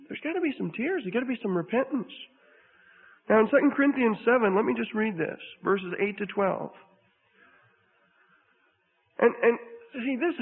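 A man's voice: sits high, breathy edge. Earnest preacher man on a tinny recording. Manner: earnest, halting, repeats himself. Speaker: pastor. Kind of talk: sermon. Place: church sanctuary. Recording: tinny lo-fi sermon recording in a reverberant hall.

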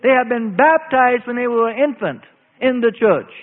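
Male preacher, high and animated voice, deliberate pace; tinny recording with long hall reverb. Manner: slow, emphatic preaching with drawn-out phrases. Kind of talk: sermon. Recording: phone-like audio in a reverberant hall.

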